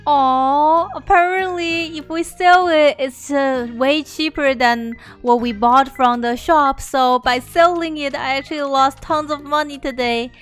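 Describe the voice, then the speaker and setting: A woman giving chatty, excitable commentary while playing a farming video game, often laughing and gasping. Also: sits high, unhurried, hardly any pauses, faint music behind. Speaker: gameplay video creator.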